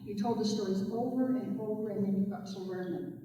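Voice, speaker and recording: A woman storyteller telling tales to schoolchildren, animated and speaking directly to the kids. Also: mid-range voice, a little fast. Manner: animated, addresses the children directly. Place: school hall or stage. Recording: echoey hall from far off.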